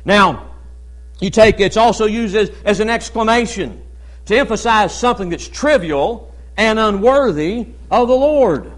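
A high-pitched male pastor gives a Baptist sermon. He talks in a loose, conversational way, often checks in with "amen?", and fills his pauses with "uh". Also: expressive. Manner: conversational preaching, frequent "amen?" and "uh" fillers.

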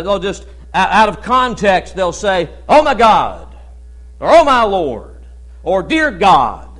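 A male pastor preaching a Baptist sermon in a conversational way, often asking "amen?" and pausing with "uh". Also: high-pitched, a bit bright.

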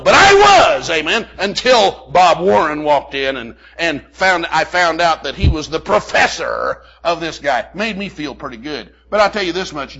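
Folksy older preacher man, bright voice. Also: on the high side. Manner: folksy storytelling with frequent "amen" and "you know". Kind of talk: sermon with personal story. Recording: muffled lo-fi recording.

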